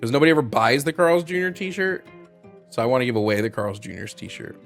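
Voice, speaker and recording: A man's voice: medium pitch, animated, brisk, soft background music. Male host, casual live-stream patter, easygoing with fillers. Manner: loose and chatty, lots of ums and restarts. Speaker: host of a call-in debate stream.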